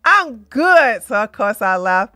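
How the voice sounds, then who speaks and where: A woman in her forties, hosting a livestream, jokes bluntly through casual commentary and stories. Her fairly high voice is bright, forceful and sing-song, delivered a little slowly, with no echo.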